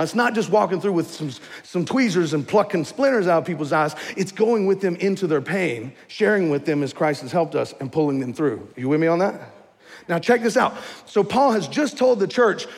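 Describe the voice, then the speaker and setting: A pastor with a notably high voice preaches to his congregation. He talks in a folksy, conversational way, often checking in with rhetorical questions. His voice rings out with a long reverb from the church hall. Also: creaky. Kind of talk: sermon.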